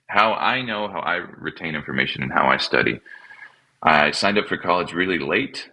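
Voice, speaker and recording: A man, a pastor and podcast guest, telling his personal story in a halting, reflective way and often repeating words as he restarts. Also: low voice, pushed and bright, poor audio. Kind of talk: personal testimony in conversation.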